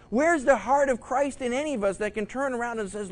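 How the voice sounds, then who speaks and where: A male pastor with a high voice for a man, teaching scripture in a loose, conversational way. He stumbles and restarts, then bursts into little acted-out quotes. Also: brisk, hardly any pauses, poor audio. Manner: animated, acts out quoted voices. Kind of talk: Bible study sermon.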